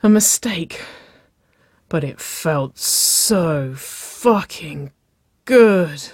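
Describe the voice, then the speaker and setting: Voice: medium pitch, expressive, extremely slow, slightly rough, dry recording, studio quality, exaggerated voice. A reader voicing a desperate young woman in love, breathless and pleading, slipping into whispers.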